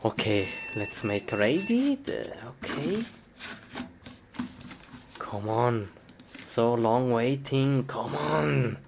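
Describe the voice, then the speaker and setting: A woman's voice: a bass voice, expressive, extremely slow, creaky, pauses often. A woman performing a comedy skit, exclaiming a lot in simple, broken English. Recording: noisy recording.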